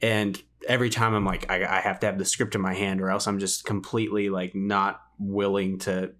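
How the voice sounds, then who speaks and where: Young man, lowish voice, lots of fillers. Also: little pitch movement, a bit bright. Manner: quick, filler-heavy with lots of "like". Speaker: podcast guest, video creator. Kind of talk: casual podcast chat.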